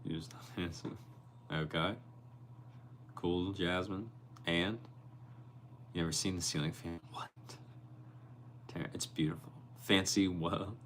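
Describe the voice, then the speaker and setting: A man's voice: deep voice, fairly even intonation, slow, pauses often, a little hiss or hum. A young man hosting a casual livestream from his bedroom, reading viewers' comments aloud and answering each one by name. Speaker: livestream host.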